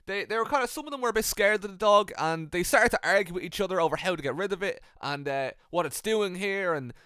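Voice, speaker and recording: A young man narrating with dry, deadpan humor and casual swearing. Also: high voice, quick pace, clean tone, no room sound. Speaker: YouTuber.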